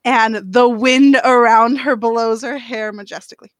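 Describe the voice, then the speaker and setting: A woman's voice: on the high side, steady tone, normal speed, a little hiss or hum. A woman playing in a tabletop role-playing game, describing her character's look and actions playfully. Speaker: player. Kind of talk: casual tabletop game play.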